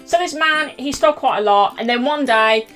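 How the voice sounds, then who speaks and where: Woman, young, high voice, giggly, animated storyteller. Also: fairly quick, soft background music. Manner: animated, giggly, acts out quotes loudly. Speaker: vlogger. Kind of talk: chatty storytime monologue.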